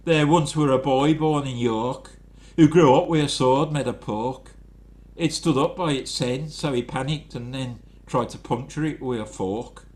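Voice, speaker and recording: A male poet laureate from the north reads out a cheeky limerick in a Yorkshire accent, as a man puts him on. The delivery is deadpan and unhurried. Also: mid-range voice, lightly acted. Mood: playful.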